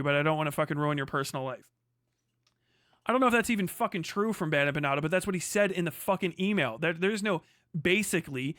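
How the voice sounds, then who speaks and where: A man's voice: high-pitched, a bit bright, no echo, studio quality. A man ranting on a live stream, reacting to a video with profane, mocking commentary.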